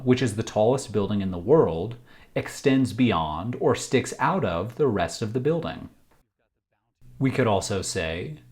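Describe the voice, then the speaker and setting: A man with an American accent teaching English vocabulary in slow, deliberate explanations with example sentences, recorded outdoors while walking a trail. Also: mid-range voice, a little mellow.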